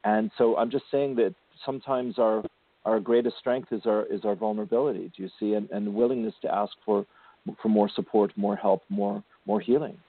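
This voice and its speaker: A man's voice: fairly low pitch, steady tone, a little fast, no room sound. A man hosting a spiritual radio show, counseling a caller in a soothing, affectionate way. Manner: soothing, affectionate, calls caller sweetie and darling. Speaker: spiritual intuitive radio host. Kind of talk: gentle spiritual counseling chat. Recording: tinny phone-line sound.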